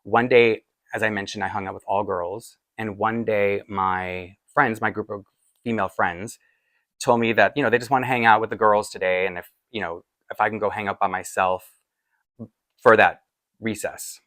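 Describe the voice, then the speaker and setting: A man in his forties tells a personal story at a casual, halting pace, full of fillers and restarts. His voice sits low, and the sound is dry and close. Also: fairly even intonation, fairly bright tone, dry recording. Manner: rambling, halting with many fillers. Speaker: doll collector vlogger.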